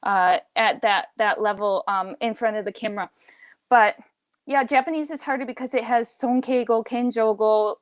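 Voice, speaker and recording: A woman's voice: fairly high pitch, moderate pace, no echo. A woman talking as a guest on a casual livestream, a language teacher speaking emphatically and opinionatedly. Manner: emphatic, opinionated, animated impressions.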